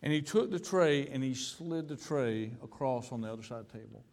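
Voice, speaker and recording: Male American pastor, storytelling sermon voice, medium pitch, long church reverb. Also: lively intonation, fairly quick, a little mellow. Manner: storytelling, repeats words, stammers on restarts. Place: church sanctuary.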